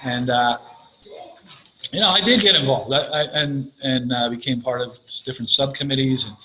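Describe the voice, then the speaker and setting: A man's voice: mid-range voice, moderate pace, pushed and bright, rough recording. Profane older man telling blunt stories. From Florida. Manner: profane, blunt, self-mocking, laughs while telling stories. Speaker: recovery meeting speaker. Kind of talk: profane storytelling share.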